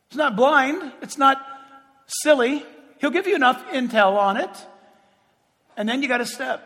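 A man preaching a sermon in an animated, playful way, acting out little dialogues and jokes. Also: extremely high pitch. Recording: long echo of a large hall.

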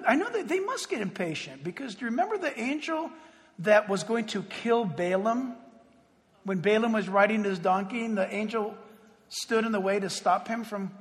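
A man pastor preaching a sermon, animated, swinging between loud exclaims and hushed asides. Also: high voice. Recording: reverberant hall.

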